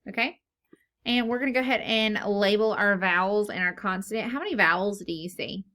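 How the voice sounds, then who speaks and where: A patient woman teaching phonics to young children. She asks a question, pauses, then answers it herself, sounding words out slowly letter by letter. Her voice sits at a middle pitch. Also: bright, forceful tone.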